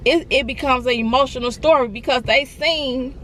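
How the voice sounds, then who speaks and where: A woman's voice: high voice, measured pace, a bit bright, slight background noise. Earnest, encouraging woman vlogger. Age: adult. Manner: earnest, encouraging, repeats phrases. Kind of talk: emotional storytime vlog.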